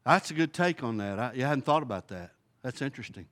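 A man's voice: mid-range voice, animated, fast talker, fairly bright tone. A man teaching a Bible study in a folksy, conversational way, thinking aloud and posing questions to the group.

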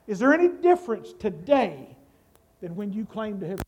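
A man preaching a sermon, slow and emphatic, building up to shouts. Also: high-pitched, big pitch swings, slightly rough. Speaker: pastor.

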